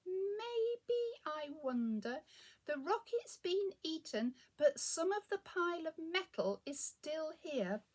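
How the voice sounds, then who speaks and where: A cheerful, bossy witch in a storybook, as a woman puts her on, calling out brisk exclamations in a bright, high voice that jumps up and down. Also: very animated, exaggerated voice. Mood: flustered.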